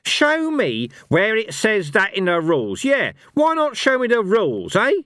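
A man doing a shouty old barbarian. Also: a little high, very animated, moderate pace, dry recording, clean studio sound, voice pushed up. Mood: furious. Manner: gruff, shouting, cocky. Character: fierce old barbarian man, loud and quarrelsome.

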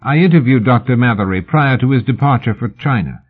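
A man's voice: mid-range voice, expressive, a little fast, voice pushed up. A man doing a suave, courteous Victorian journalist. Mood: polite. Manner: polite, mild, smoothly ingratiating. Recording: narrow phone-like audiobook sound.

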